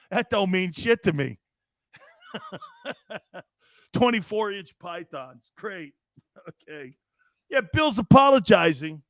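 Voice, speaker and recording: A man's voice: high-pitched, fairly bright tone, no room sound, studio quality. A brash man in his fifties hosting a sports talk show, chatting casually and cursing freely as he reacts to comments. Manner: brash, profane, laughing between lines. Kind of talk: casual chat reading live comments.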